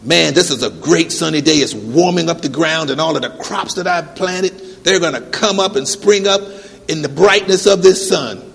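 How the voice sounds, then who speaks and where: A preacher doing a cheerful upbeat farmer. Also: male voice, a little high, normal speed, gravelly, a bit bright, big-room sound.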